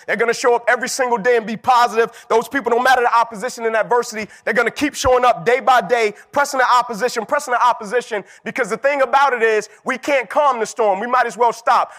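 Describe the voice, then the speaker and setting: A man's voice: very high voice, pushed and bright. A man giving a motivational keynote speech, with an emphatic, repetitive, preacher-like delivery. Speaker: motivational speaker.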